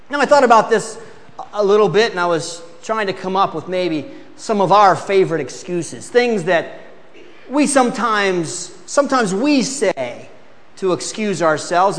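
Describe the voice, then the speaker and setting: Animated male preacher in a reverberant hall. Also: sits high. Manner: animated, acts out excuses in mock voices; asks the congregation to read aloud. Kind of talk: sermon.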